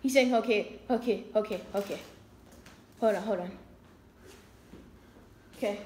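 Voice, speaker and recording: A woman relaying messages from a spirit in a soft, low, hushed voice. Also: unhurried. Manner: speaks softly, low and hushed, relaying quoted phrases. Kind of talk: hushed paranormal narration. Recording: echoey room with faint noise.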